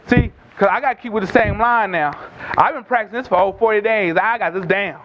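Pastor guy preaching, kinda high voice, slips into voices for the story, dull lo-fi sound. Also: fast. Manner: conversational preaching, acts out quotes in voices; climbs higher and louder when pressing a point. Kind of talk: sermon. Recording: dull lo-fi recording.

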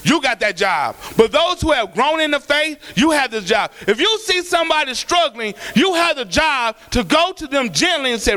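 A very high-pitched man preaching from the pulpit, his voice leaping up and down with lively, animated swings. The tone is bright and sharp, and he moves from shouted declarations to softer, colloquial asides aimed at the people in the pews. It is a fervent church sermon. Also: moderate pace. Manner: colloquial, calls out to the congregation. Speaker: pastor.

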